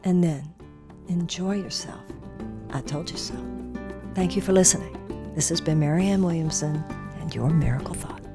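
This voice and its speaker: A woman giving an inspirational talk, earnest and animated as she tells a story. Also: fairly low pitch, normal speed, pauses often, over music. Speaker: spiritual teacher.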